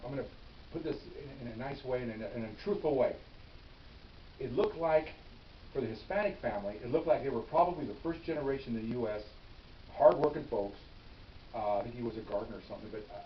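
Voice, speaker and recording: An older man, a veteran police officer, telling his stories in a casual, animated way, often restarting phrases and checking in with "okay?". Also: medium pitch. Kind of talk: casual storytelling. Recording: echoey room, distant mic, dull and hissy.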